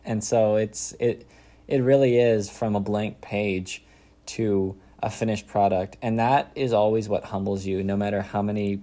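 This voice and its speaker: A young man chatting casually in an interview, rambling and restarting with quick laughs. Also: on the low side, fairly even intonation, warm tone. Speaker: content creator making comedy skits.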